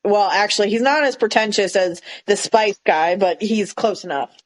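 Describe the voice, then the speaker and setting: A woman's voice: medium pitch, normal speed, rough recording. A woman with a Southern US accent co-hosting a podcast, chatting casually and incredulously about a TV show. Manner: laid-back, incredulous, lots of fillers. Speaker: podcast co-host. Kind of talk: casual chat recapping a TV show.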